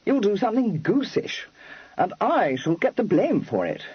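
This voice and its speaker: A man voicing a blunt, gloomy young gentleman who talks in clipped, slangy bursts. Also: sits high, very animated, normal speed, slightly rough, muffled recording, voice pushed up, exaggerated voice. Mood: worried.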